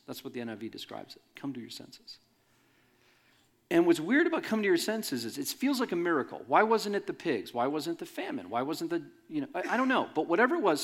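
A man preaching a sermon to a congregation in a conversational, joking way. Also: fairly high pitch. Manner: animated, conversational, jokes with the congregation. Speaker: pastor. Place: church in front of a congregation.

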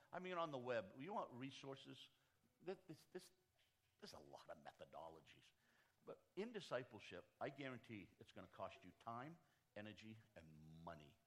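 A man's voice: mid-range voice, fairly bright tone. A man with a Northeastern US accent preaching a sermon to a church conference, stacking short phrases into lists and restarting often. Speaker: pastor addressing a church conference.

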